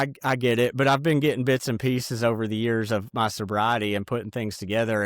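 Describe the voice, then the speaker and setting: A man giving an earnest, halting personal testimony in an interview. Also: medium pitch, a bit bright, no room sound, studio quality.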